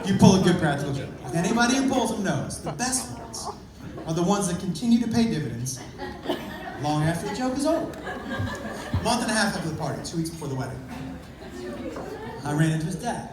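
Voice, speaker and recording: A male stand-up comedian telling a rowdy, profane story on stage, acting out voices and breaking into shouts. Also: sits high, sing-song, fairly quick, long pauses, heavy background noise. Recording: echoey club, live crowd laughing. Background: crowd laughter.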